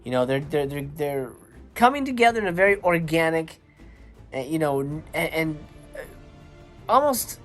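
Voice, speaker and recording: A man's voice: on the high side, very animated, moderate pace, long pauses, fairly bright tone, faint music behind. A man hosting a casual watch-along movie review late at night, enthusiastic and tired, rambling and restarting his sentences.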